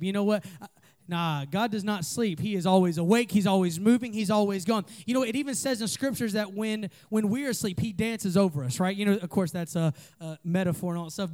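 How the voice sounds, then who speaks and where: A man's voice: sits high, brisk. A man preaching a passionate youth sermon, leading call-and-response from the room. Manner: passionate, rising to near-shouts with call-and-response. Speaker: youth pastor. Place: meeting room in a trailer.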